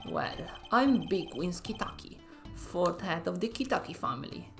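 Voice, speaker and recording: A woman puts on a stern old mob boss who talks slow, low and menacing, with a put-on Russian-sounding accent. The voice sinks well below her own, with faint game music underneath. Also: expressive, gravelly. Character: gruff older male mob boss, stern.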